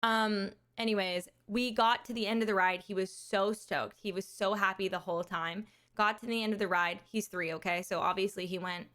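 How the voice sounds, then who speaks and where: A woman streamer hosting a charity fundraiser, telling a story in casual chat, animated, laughing often and swearing casually. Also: mid-range voice, brisk.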